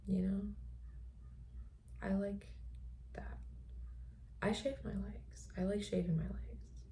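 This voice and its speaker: A woman host in a reflective personal monologue, speaking softly and often slipping into a breathy whisper. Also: mid-range voice, steady tone, slow pace, a little hiss or hum. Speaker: podcast host.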